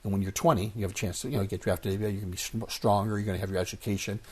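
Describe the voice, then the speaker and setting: A man in his sixties telling stories as an interview guest, animated and acting out the voices of people he quotes. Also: on the low side, rapid-fire, slightly rough. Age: 60s. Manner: animated storyteller who acts out quoted voices. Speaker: guest, former baseball player. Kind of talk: casual storytelling interview.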